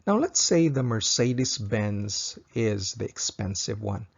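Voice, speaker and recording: A man teaching a recorded language lesson, speaking slowly and carefully and repeating each example sentence twice for practice. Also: lowish voice, animated, creaky, breathy edge, lo-fi sound.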